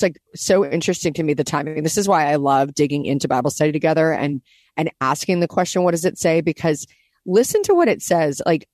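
A woman co-hosting a casual Bible-study podcast, talking animatedly and acting out scenes in lively quoted voices. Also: low voice, no room sound, studio quality. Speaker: podcast co-host.

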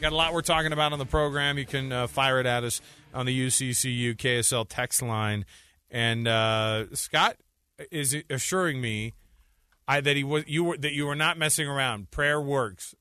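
Joking, bright-voiced male radio host. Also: mid-range voice, clear, resonant tone, no room sound, clean studio sound. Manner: quick, joking, laughs often. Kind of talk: casual sports talk radio banter. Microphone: studio microphone.

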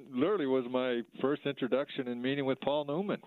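A middle-aged former hockey player telling a story in a halting way, full of fillers and restarts, over a phone line. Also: male voice, mid-range voice, no echo. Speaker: former minor league hockey player, guest. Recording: tinny phone line, dry.

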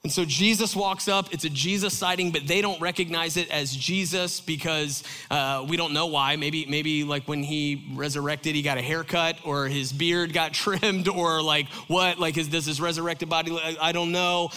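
A man's voice: on the high side, steady tone, moderate pace, hardly any pauses, sharp tone, clean tone, long reverb tail. A man preaching a conversational sermon, rambling with fillers and jokey asides to the congregation. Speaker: pastor.

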